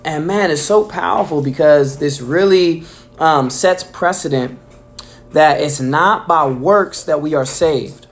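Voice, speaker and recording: Excited guy doing his weekly bible talk, says "man" a ton, super casual. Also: fairly high pitch, slow. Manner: enthusiastic, fills with "man" and "um". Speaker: preacher. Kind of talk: casual devotional message.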